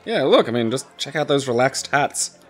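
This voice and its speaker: A man co-hosting a let's play, chatting casually and joking around with quick wisecracks. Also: mid-range voice, very animated, soft background music. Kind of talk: casual gameplay banter.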